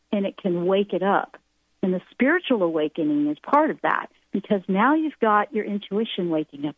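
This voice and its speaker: A woman's voice: mid-range voice, no room sound. Woman on a radio show phone line, earnest and rambly, tinny dry sound. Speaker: spiritual guest speaker. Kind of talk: radio call-in show talk.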